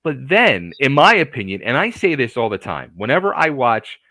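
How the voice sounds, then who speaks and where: A man hosting an interview show, talking in an excitable, casual way and swearing now and then. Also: medium pitch, moderate pace, no room sound. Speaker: host.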